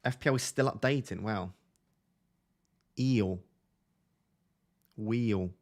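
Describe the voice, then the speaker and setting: A young man from Essex with a softened Essex accent, chatting casually on a live stream, reading out viewer questions and laughing often. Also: fairly low pitch, takes it slowly. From Essex, England. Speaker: fantasy football streamer.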